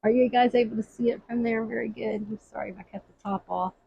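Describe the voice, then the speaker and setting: Woman craft tutor, chatty and repetitive, gravelly tone, slightly muffled home recording. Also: a little high, steady tone, fast talker, slight background noise. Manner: chatty, repeats phrases while working. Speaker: floral craft instructor. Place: craft workroom at a table.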